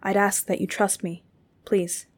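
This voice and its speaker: A woman voicing a calm, polite male agent who speaks in a measured, formal way in an audiobook. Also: mid-range voice, close to an everyday voice.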